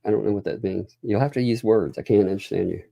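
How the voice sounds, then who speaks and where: A man's voice: lowish voice, quick pace, gravelly, dark tone, no room sound. Guy hosting a live stream, rambly and chuckly, super dry close sound. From Oklahoma. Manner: rambling, chuckles often, thanks viewers. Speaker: livestream host. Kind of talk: casual live stream chat.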